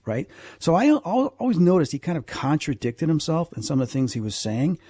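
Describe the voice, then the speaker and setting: Male guest, mellow and husky, animated storyteller with asides, dry close sound. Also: a little high, fairly quick, dry recording. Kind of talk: storytelling in a conversation.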